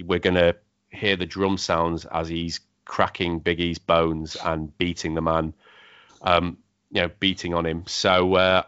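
A man's voice: sits low, fairly bright tone, clean tone, no room sound. A man co-hosting a podcast, leading the chat with many hesitant ums. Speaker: podcast co-host. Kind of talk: casual chat. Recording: dry, dull lo-fi sound.

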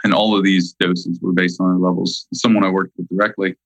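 A man speaking as a nutrition guest in a casual interview, emphatic and slowing down to stress key points. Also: sits low, level tone, a bit bright, no echo, low-quality recording.

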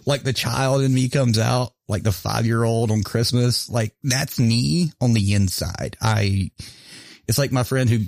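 A man's voice: medium pitch, unhurried, vocal fry, darkish tone, no echo. A man hosting a casual talk show, laughing often and swearing casually, with stories and a store plug. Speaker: podcast host. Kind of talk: casual chat with ad read.

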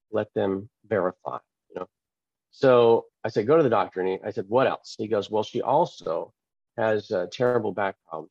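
Male pastor guest, low-pitched voice, animated storyteller who plays every part, dry close-mic sound. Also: gravelly, no echo, muffled recording. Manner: animated, acts out quoted dialogue. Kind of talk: storytelling testimony in an interview.

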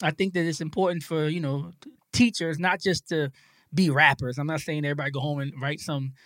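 A middle-aged man, a university professor as an interview guest, talking casually in an animated, slang-heavy way and acting out quoted voices. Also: fairly high pitch, brisk, no echo.

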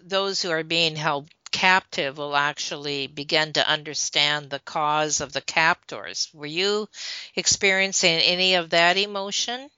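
A woman interviewer with a low, bright, crisp voice asks long, stacked questions, often with small fillers. Her audio is dry and somewhat dull, like a modest home setup. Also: fairly even intonation, measured pace, no echo. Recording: dull, dry close recording.

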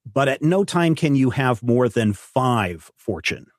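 Male game master, mid pitch, dry close sound, descriptive narration. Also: sing-song, a little slow, dry recording. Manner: descriptive narration with rules explanations, some restarts.

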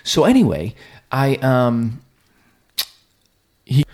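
A man, hosting a podcast and telling a rambling story, acting out what people said. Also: mid-range voice. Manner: rambling storyteller, quick and animated, acts out quotes. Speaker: podcast host. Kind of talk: casual chat.

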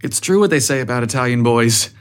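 A man's voice: medium pitch, lively intonation, quick pace, natural voice. A man voicing a wry young guy.

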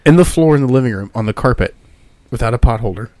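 Man, podcast chat, animated, dry close mic. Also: medium pitch, fast talker, dry recording. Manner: animated storyteller, acts out relatives' voices. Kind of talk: casual chat, storytelling.

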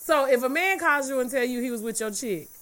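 A woman's voice: high voice, animated, a little fast, fairly bright tone. A woman in casual chat, blunt and argumentative, often acting out what others say. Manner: blunt, argumentative, quotes others in put-on voices.

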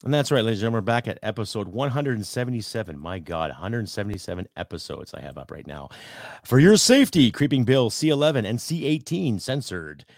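A man's voice: medium pitch, sing-song, fast, vocal fry, no room sound, clean studio sound. A man hosting a political podcast, ranting heatedly with rhetorical questions and some swearing. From Canada. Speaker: podcast host.

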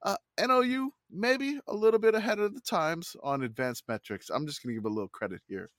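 A man hosting a casual sports podcast, recapping an old game with quick laughs and lively storytelling. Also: sits high, no room sound, studio quality. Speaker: podcast host.

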